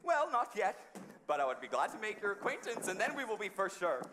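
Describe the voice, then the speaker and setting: A man's voice: high-pitched, wildly swooping pitch, brisk, bright, forceful tone, a little hiss or hum, exaggerated voice. An actor playing a cheerful young Irish immigrant man, jovial and laughing, in a musical. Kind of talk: musical theatre singing and acting.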